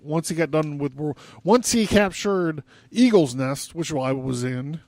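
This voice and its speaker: Man, young adult, casual podcast host, rambling, filler-heavy, fairly high voice, dry recording. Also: animated, unhurried, darkish tone, no room sound. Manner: rambling, loose, full of fillers and asides. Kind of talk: casual conspiracy history podcast.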